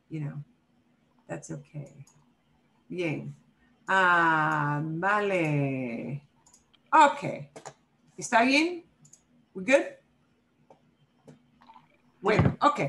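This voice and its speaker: A woman teaching a Spanish class over a video call, who models pronunciation by repeating words slowly and checks in often with her students. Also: low voice, animated, gravelly, fairly bright tone, poor audio. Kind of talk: online class instruction.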